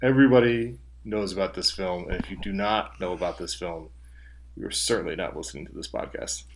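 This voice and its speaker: A man's voice: deep voice, fairly quick, a little hiss or hum. A man co-hosting a casual podcast, teasing his partner in a playful way. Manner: playful, teasing, fond of big claims. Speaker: podcast co-host.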